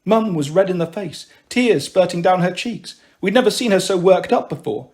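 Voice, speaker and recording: A man narrating a children's novel aloud in an expressive, animated way. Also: high voice, moderate pace. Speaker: storyteller. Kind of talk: audiobook reading.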